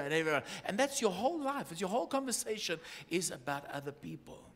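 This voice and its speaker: A man preaching a sermon as an apostolic church leader, animated and building up to shouted exhortations. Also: high voice, fast talker.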